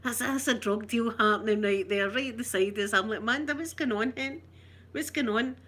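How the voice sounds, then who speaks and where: A middle-aged woman with a Scottish accent tells a long story in a casual way. Her voice sits a little high, and she throws herself into every quoted voice along the way. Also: normal speed. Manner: animated, acts out the people she quotes. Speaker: vlogger telling a story.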